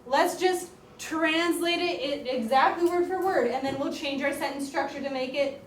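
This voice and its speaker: A woman teaching a classroom grammar lesson as a high school Spanish teacher, talking in a lively, chatty way with lots of "like". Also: moderate pace. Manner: lively, chatty, uses "like" often. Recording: echoey classroom, voice far from mic, faint room noise.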